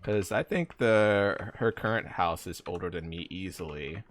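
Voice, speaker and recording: A man's voice: sits low, measured pace. A young man chatting casually on a live gaming stream, rambling with lots of fillers as he answers chat.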